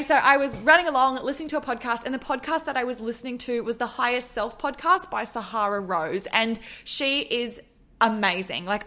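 A young adult Australian woman talks alone to her podcast listeners, gushing and upbeat. Her voice sits a little high, and she speaks with bubbly, effusive excitement. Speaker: podcast host. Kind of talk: enthusiastic solo podcast monologue.

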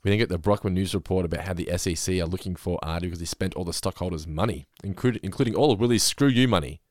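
A man's voice: deep voice, quick pace, darkish tone, no echo, clean studio sound. A man hosting a podcast, casually chatting and recapping an episode with frequent laughs. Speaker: podcast co-host.

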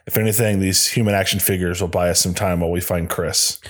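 A man reading a husky-voiced hero rallying the team. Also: low-pitched, steady tone, quick pace. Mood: urgent. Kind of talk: table read of a fan script.

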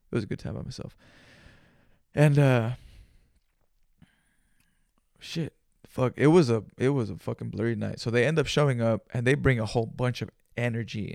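A man hosting a solo podcast, telling a story in an animated, profane, slangy way with Spanish words mixed in. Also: mid-range voice, gravelly, dry recording, clean studio sound. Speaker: podcast host. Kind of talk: casual storytelling monologue.

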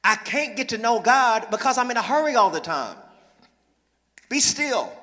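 Pastor, male, high bright voice, playful preaching, long church-hall reverb. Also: moderate pace. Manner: lively preaching with humor, calls for congregation responses. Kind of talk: sermon. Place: church sanctuary.

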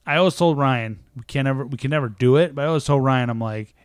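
A man's voice: medium pitch, fast, smooth, no room sound, studio quality. Blunt, emphatic man in casual chat. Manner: emphatic, blunt, swears freely. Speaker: podcast co-host.

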